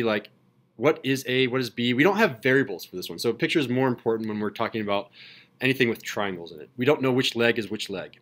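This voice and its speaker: A man's voice: mid-range voice, a bit bright. Man, math teacher, upbeat and jokey, asks his class questions.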